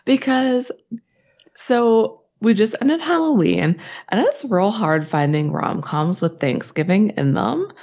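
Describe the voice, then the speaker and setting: A woman co-hosting a podcast, husky and stuffed up from a sinus infection, chatting casually, swearing and laughing often. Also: mid-range voice, lively intonation, slow, a little mellow. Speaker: podcast co-host. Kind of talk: casual chat. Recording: dull lo-fi sound.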